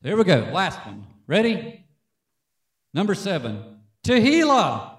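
A man preaching a sermon as pastor from a church stage, an animated, joking storyteller. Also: high voice, takes it slowly, reverberant.

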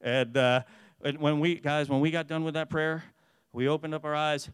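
A man giving an earnest testimony to a church, telling the story in a way that grows animated. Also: fairly high pitch, normal speed, clean tone, no room sound. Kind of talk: testimony sermon.

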